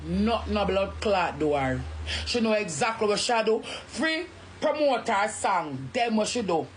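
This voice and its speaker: A woman's voice: medium pitch, animated, moderate pace, a little hiss or hum. Angry Jamaican woman ranting. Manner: angry, repetitive, cursing. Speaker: TikTok live streamer. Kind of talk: heated live-stream rant.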